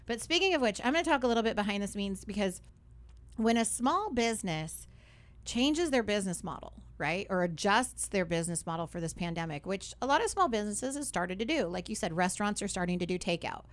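A woman's voice: medium pitch, animated, a little fast. A young adult woman hosting a radio talk show, chatty and upbeat, often adding "right?" and "like".

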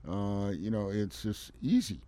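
A man's voice: lowish voice, expressive, unhurried, dark tone. An older man who installs lawns, chatting on a radio show in a folksy, rambling, emphatic way. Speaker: landscaping guest expert on a radio show. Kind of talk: casual radio chat.

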